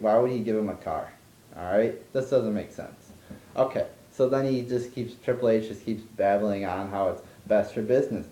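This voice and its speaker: A man's voice: lowish voice, dark tone, reverberant, low-quality recording. A man delivering an exasperated, profane, rambling rant as a wrestling commentary vlogger, stumbling over restarts. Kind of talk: ranting monologue.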